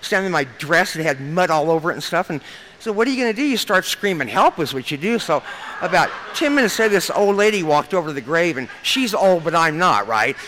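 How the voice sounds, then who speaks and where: A woman in her fifties from Nebraska tells stories from a podium at a recovery meeting, quick and folksy and full of humor. Her voice is bright and forceful, and she often turns to the crowd. Faint noise sits behind her. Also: on the low side, lively intonation, rough recording. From Lincoln, Nebraska. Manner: chatty, folksy, humorous, addresses crowd as you guys. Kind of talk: storytelling talk at a podium.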